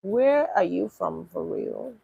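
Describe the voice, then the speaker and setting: A woman's voice: mid-range voice, animated, slow pace, creaky, warm tone, husky, no room sound, highs cut off. A woman from Nigeria, chatting casually on a livestream and answering viewers' questions with wry disbelief. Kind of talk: casual livestream chat reading comments.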